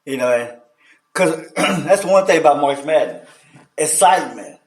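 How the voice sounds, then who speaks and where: A man hosting a casual sports chat show, telling stories in an animated, slangy way. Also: a little high, unhurried. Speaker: host. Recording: echoey room, distant mic.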